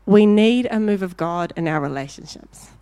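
A woman preaching a sermon, telling a story with lively acted-out voices before turning to direct exhortation. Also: lowish voice, moderate pace, smooth, dry recording. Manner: animated storyteller, acting out voices in anecdotes.

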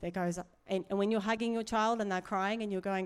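A woman's voice: mid-range voice, fairly even intonation, brisk, smooth. A middle-aged woman preaching in a chatty, earnest way, with asides and laughs. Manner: conversational, earnest, laughs often, many asides. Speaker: church speaker. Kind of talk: sermon.

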